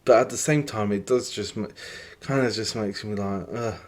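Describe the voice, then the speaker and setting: Rambling low-voiced podcast host. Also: male voice, normal speed, a little mellow. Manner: opinionated, rambling, lots of fillers. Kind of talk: casual chat.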